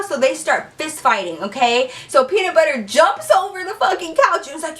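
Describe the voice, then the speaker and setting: A young woman spins a storytime tale in a bright, forceful voice that sits a bit high. She is animated and swears freely, jumping her pitch up when she quotes people. She sounds slightly distant from the microphone. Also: normal speed, hardly any pauses. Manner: animated, profane, acts out quotes with big pitch jumps. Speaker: storytime vlogger. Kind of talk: casual storytelling.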